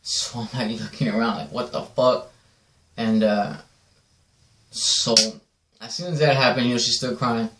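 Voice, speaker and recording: A man tells a rambling personal story in a casual, profane way, swearing often and repeatedly checking in with "right?". His voice is medium-pitched and a bit bright, with fairly even intonation and a moderate pace, recorded in an echoey room with slight background noise.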